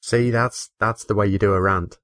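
A man's voice: fairly low pitch, steady tone, normal speed, fairly bright tone, dry recording. A man from the UK chatting casually on a gaming podcast, dry and sweary with a matter-of-fact delivery. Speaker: podcast co-host.

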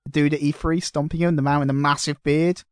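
A man chatting casually on a gaming podcast, sweary and excitable as he rants. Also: fairly high pitch, fast talker, smooth, no room sound, clean studio sound. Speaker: podcast co-host.

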